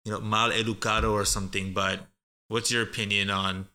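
A man giving a casual spoken English lesson, chatty, slowly demonstrating phrases and repeating them. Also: fairly low pitch, little pitch movement, bright, forceful tone. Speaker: guest English teacher.

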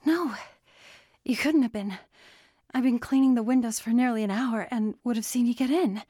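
A woman narrator voicing an anxious young house cleaner who talks high and breathlessly. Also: fast, dark tone, dry recording, clean studio sound, natural voice. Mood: alarmed.

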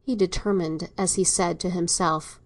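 A woman narrating an audiobook in an even, measured reading voice. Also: fairly low pitch. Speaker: volunteer audiobook reader.

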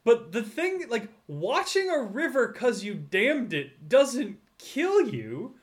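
A man co-hosting a podcast, chatting casually about a book and acting out people's lines in quick asides. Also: very high-pitched, big pitch swings. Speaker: podcast co-host. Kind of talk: casual book-club chat.

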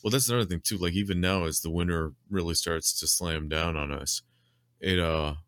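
A man's voice: low-pitched, normal speed, a bit bright, smooth, no echo. A man in casual conversation, talking in a reflective, rambling way with many fillers. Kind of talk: casual chat.

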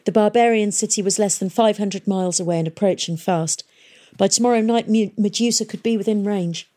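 Proud young aviatrix, sharp and scornful, mellow voice, woman reading. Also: medium pitch, brisk, voice pushed up, natural voice. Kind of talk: audiobook character voice.

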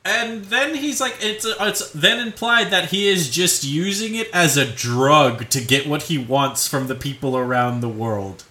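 A man co-hosting a podcast, explaining things in animated casual chat. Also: a little high, unhurried, hardly any pauses. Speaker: podcast co-host. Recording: roomy echoey sound.

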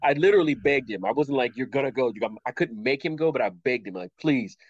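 A man's voice: mid-range voice, fast talker, dry recording, lo-fi sound. A middle-aged man, an actor and interview guest, telling a long story in a casual way, acting out what people said with lots of "I was like.". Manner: animated, acts out quoted dialogue with 'I was like'.

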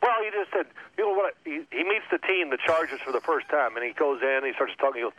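Male guest, former quarterback, heard over a tinny phone line; lively storyteller who acts out the voices. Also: a little high, quick pace, hardly any pauses. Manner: animated storyteller acting out coaches' shouting. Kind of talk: telling stories in a radio interview.

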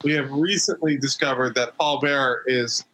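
A man co-hosting a podcast in casual chat, recapping a story in rambling, halting bursts with many restarts. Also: mid-range voice, steady tone, sharp tone, low-quality recording. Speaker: podcast co-host.

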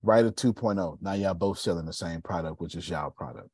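A man hosting a casual podcast conversation, animated and preachy, dropping low and quiet for emphasis. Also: brisk, breathy edge, dry recording. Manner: animated, preachy, drops pitch and volume for emphasis. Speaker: podcast host.

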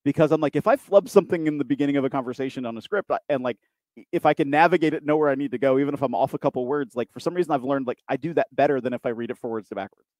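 A man chatting casually, telling self-deprecating stories with quick asides. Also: medium pitch, a little mellow, no echo. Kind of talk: casual chat.

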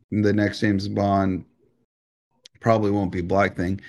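Lower-pitched American man ranting profanely. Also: creaky. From United States. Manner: animated, profane ranting with frequent restarts. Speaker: podcast co-host. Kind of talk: casual podcast chat.

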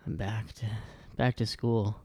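A man's voice: fairly low pitch, flat delivery, measured pace, dark tone. A man hosting a casual podcast chat, rambling and hesitant with many fillers. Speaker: podcast host.

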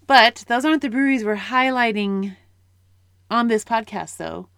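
A woman co-hosting a casual podcast, cheerful and quick to tease and cut in. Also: a little high, creaky, fairly bright tone, clean tone, no room sound, studio quality. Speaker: podcast co-host. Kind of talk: casual chat.

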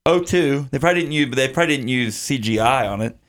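A man's voice: mid-range voice, animated, fast, a bit bright. A male podcast host casually recapping a bad movie, rambling with lots of fillers. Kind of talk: casual movie-review chat.

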